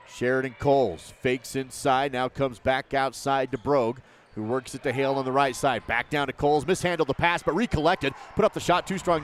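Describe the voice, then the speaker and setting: A man calling high school basketball play by play, describing each pass, drive and shot in a rapid running commentary. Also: a little hiss or hum. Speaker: play-by-play announcer.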